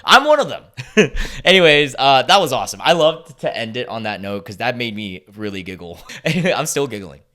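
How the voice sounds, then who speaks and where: A man's voice: fairly low pitch, fairly bright tone. A man from the United States hosting a reaction video, reading online posts aloud and mocking them in a sarcastic, casual way, laughing often and swearing freely.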